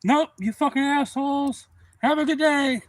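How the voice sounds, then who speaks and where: A man's voice: very high-pitched, moderate pace, no echo, pitched above the performer's own voice. A man voicing a cranky old male boater who swears and scolds at the top of his voice. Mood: shrill angry.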